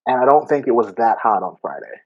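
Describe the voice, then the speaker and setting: A man's voice: mid-range voice, quick pace. Laughing man telling a story, lo-fi. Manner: animated, laughing storyteller acting out quotes. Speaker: podcast co-host. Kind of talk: casual storytelling chat.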